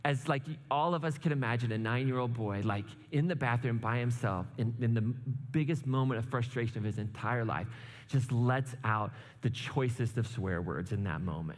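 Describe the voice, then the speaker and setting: A man's voice: mid-range voice, animated, normal speed. A man preaching a conversational sermon in a church, chatty and joking, often checking in with the listeners with "right?". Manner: chatty, asks "right?" often, jokes asides. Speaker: pastor. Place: church sanctuary. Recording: long hall reverb.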